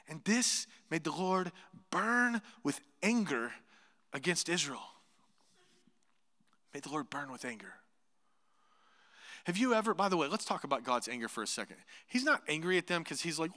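A male pastor preaches in an animated style, with a high, very bright and forceful voice. He slips into imagined voices and leans in with hushed asides. The sound carries the long reverb of a church hall. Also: normal speed, pauses often. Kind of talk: sermon. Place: church sanctuary.

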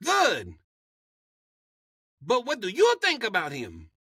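A blissfully carefree cult boss with a put-on Latin accent. The voice is squeaky and climbs very high, with lively, bouncing greetings. It sounds close and dry. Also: male voice, slow, husky, no echo, heavily acted. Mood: probing. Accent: Latin American put-on. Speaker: podcast co-host doing a character voice.

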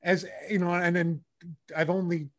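A man talks casually in halting bursts, restarting his sentences as he works toward his point. His voice sits somewhat high. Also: little pitch movement. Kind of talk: casual conversation.

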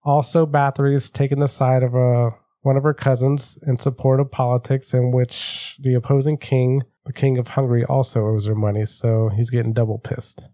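A man's voice: mid-range voice, level tone, moderate pace, few pauses, mellow, dry recording. A man co-hosting a podcast, reading through a historical story with offhand jokes in casual chat. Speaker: podcast host.

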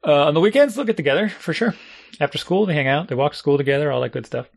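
Middle-aged guy chatting on a podcast, gets animated, laughs a lot, restarts his sentences. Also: fairly high pitch, racing, creaky. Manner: animated storyteller, laughs often, many restarts. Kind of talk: casual chat.

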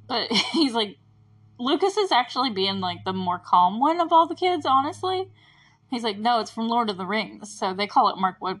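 A woman's voice: mid-range voice, fairly bright tone. A young woman hosting a podcast, chatting casually and giggling as she rewatches and comments on a show. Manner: chatty and giggly, many fillers. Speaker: podcast host.

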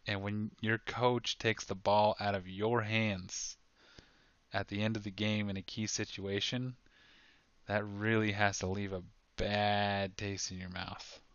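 A man with a lowish voice chatting casually on a sports podcast, excitable and quick to laugh, often restarting mid-thought. The sound is dull and dry, with no room around it. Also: smooth, no echo. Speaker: podcast co-host.

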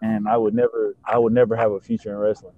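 A young man in casual chat, excitable and slangy, swearing and stacking fillers as he talks. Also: on the low side, fast talker. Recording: dull lo-fi sound.

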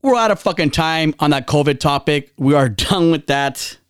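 A man's voice: fairly high pitch, moderate pace, smooth, dry recording, studio quality. A man co-hosting a podcast, rambling in casual chat, cursing often and restarting his sentences. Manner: rambling, profane, talks over himself with restarts. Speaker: podcast co-host.

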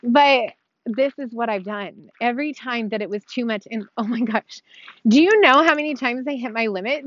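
A woman's voice: fairly high pitch, moderate pace, dry recording, muffled recording. A woman telling her own story of abuse and recovery in a heartfelt monologue, earnest and emotional, talking straight to her viewers with small laughs. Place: outdoors on a dirt road.

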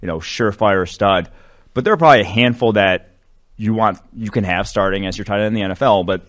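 A man with a fairly low, slightly bright voice talks fast as a co-host on a casual sports podcast. He breaks down draft prospects in loose, rambling analysis packed with fillers.

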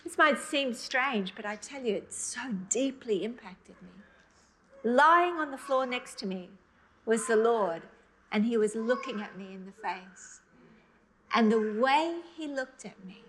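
A middle-aged woman preaching a sermon, earnest and emotional, rushing ahead in bursts, then slowing to soft, drawn-out emphasis. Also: a little high, animated, a little hiss or hum.

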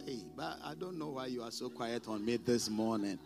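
A man preaching a sermon as pastor, emphatic, calling on the congregation to repeat after him and swinging between loud declarations and quiet asides. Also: medium pitch, normal speed, music in the background. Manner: preaching with call-and-response prompts to the congregation.

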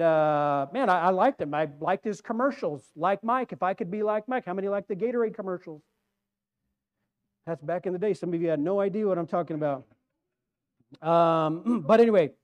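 Preacher guy, fairly high voice, chatty rambling sermon, keeps asking the crowd stuff. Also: darkish tone, smooth. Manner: rambling, asks the congregation questions. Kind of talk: conversational sermon.

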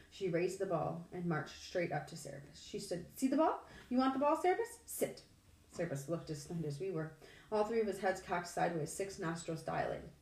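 A woman reading a novel aloud in a measured, steady storytelling manner. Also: fairly low pitch. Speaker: audiobook reader. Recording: echoey room, distant mic.

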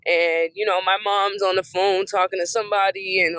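A woman in her thirties from Boston, hoarse from a cold, hosting a podcast and telling a casual story with slangy, profane, emphatic repetition. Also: medium pitch, fairly even intonation, normal speed, a bit bright, dry recording, low-quality recording. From Boston, USA. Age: 30s. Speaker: podcast host.

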